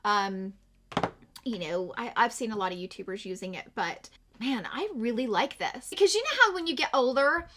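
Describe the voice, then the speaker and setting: A woman's voice: a little high, expressive, normal speed, sharp tone. A middle-aged woman chatting heartfelt with her viewers while doing her makeup, tearful after a morning of crying. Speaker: beauty vlogger. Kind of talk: casual get-ready-with-me chat.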